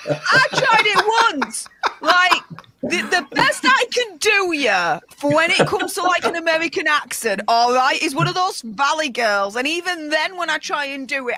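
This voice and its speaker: A woman's voice: high voice, bright, forceful tone. A woman with a Yorkshire accent chatting casually and emphatically on a stream. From Yorkshire, England. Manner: emphatic, laughing refusals. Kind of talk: casual chat.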